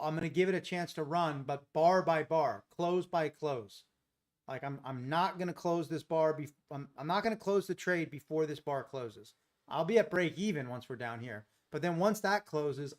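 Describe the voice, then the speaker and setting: Guy talking through futures trades live, chatty, bit high voice, thinks out loud. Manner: chatty, thinks aloud, jokes with chat. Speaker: day trading livestream host. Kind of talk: live trading commentary.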